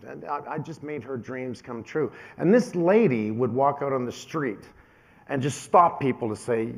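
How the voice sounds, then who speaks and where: A man in his fifties giving a keynote speech, telling personal stories in an animated way and acting out what other people said. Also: mid-range voice. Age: 50s. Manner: animated storyteller, acts out quoted voices. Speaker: keynote speaker.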